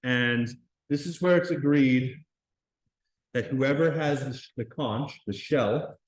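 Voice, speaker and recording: A male teacher reading a novel aloud to his class, stumbling and restarting, then explaining it in a relaxed way with fillers. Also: mid-range voice, slow, reverberant, poor audio.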